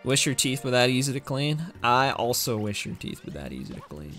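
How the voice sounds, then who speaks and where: A young man narrates his speedrun in a casual, jokey way, poking fun at himself and bantering with chat. His middle-pitched voice swings widely, and soft game music plays underneath. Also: big pitch swings, a little fast. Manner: jokey, self-deprecating, chatty with viewers. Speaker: speedrunner streamer. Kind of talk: casual live-stream commentary.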